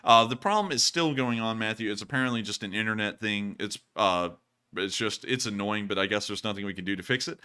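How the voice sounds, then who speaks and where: A young man hosting a casual livestream and reading donations, animated and quick to laugh. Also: fairly low pitch, clean tone. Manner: animated, laughs often, swings loud and quiet.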